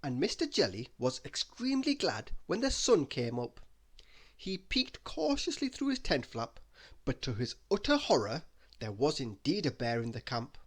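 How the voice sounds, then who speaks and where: A man reading a children's bedtime story aloud in an expressive storytelling manner. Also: mid-range voice, normal speed. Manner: expressive, sing-song storytelling.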